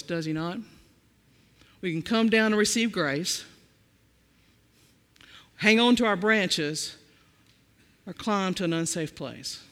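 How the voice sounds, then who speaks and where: A man's voice: high-pitched, fairly bright tone, long reverb tail. A man preaching a sermon, rhythmic and repetitive, calling out to the congregation.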